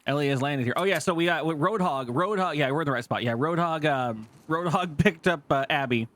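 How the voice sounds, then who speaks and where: A man doing casual gameplay commentary as a streamer, animated, swearing often and thinking aloud. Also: fairly high pitch, brisk, no room sound.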